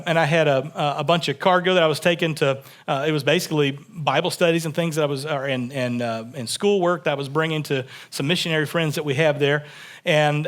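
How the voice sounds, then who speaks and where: A man from Texas preaching a sermon in a relaxed, conversational way, often repeating words as he builds his points. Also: on the high side. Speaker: pastor. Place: church sanctuary.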